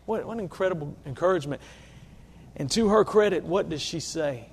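A man's voice: a little high, lively intonation, normal speed, darkish tone, slightly rough. A man preaching a sermon to a congregation, earnest, often asking rhetorical questions. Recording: long reverb of a large hall.

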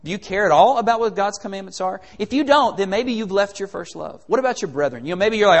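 A man preaching a sermon in a conversational, animated way, full of rhetorical questions. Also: sits high, fast, few pauses, in a large hall.

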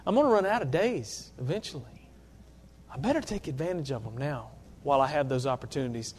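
A man's voice: medium pitch, expressive, fairly quick, slightly rough. A man preaching a sermon to a congregation, earnest, often asking rhetorical questions. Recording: long reverb of a large hall.

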